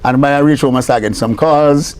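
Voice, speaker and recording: An older Jamaican man, a reggae producer, telling stories in a relaxed interview and often laughing. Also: mid-range voice, fairly quick. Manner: animated storyteller who acts out quoted voices, laughing often. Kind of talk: casual storytelling interview.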